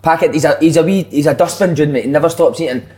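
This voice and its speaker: Scottish lad on a podcast, swearing loads, laughing through his road trip yarn, kinda high voice. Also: quick pace, dark tone. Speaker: podcast co-host. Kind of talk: casual banter.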